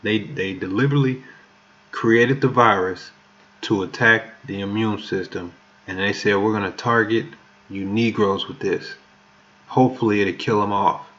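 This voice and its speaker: A man's voice: on the low side, steady tone, moderate pace, fairly bright tone. A man preaching a sermon who reads verses aloud with emphasis and stumbles over words now and then. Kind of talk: sermon with scripture reading. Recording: muffled lo-fi recording.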